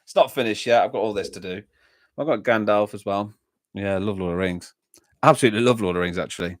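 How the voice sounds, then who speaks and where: A man's voice: lowish voice, fast talker, dry recording, clean studio sound. An Englishman hosting a music reaction livestream, rambling casually and answering viewers' comments with many fillers and restarts. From England. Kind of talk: casual chat, reading and answering live comments.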